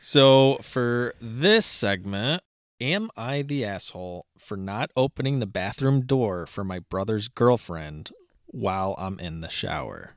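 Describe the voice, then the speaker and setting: A man's voice: on the low side, takes it slowly, dry recording, studio quality. A man co-hosting a casual podcast, reading a post aloud and reacting with frequent laughs. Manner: laughs often, animated when reacting. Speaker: podcast co-host.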